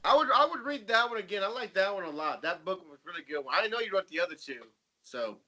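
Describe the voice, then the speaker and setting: A man co-hosting a podcast, recalling old stories with excitable energy and plenty of swearing. His voice is bright and forceful, pitched a little higher than most men's. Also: fast talker. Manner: excitable, profane reminiscing. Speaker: podcast co-host. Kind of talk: casual chat.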